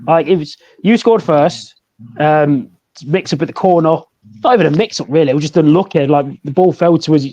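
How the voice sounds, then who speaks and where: A man's voice: fairly high pitch, brisk, mellow. A laid-back man co-hosting a casual football chat podcast, laughing often. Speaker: podcast co-host. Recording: dull lo-fi audio.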